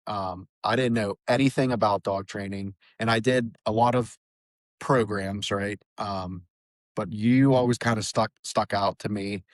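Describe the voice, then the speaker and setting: A man's voice: on the low side, dry recording. A man hosting a podcast, chatting casually with many fillers and easy laughs. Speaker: podcast host. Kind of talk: casual interview chat.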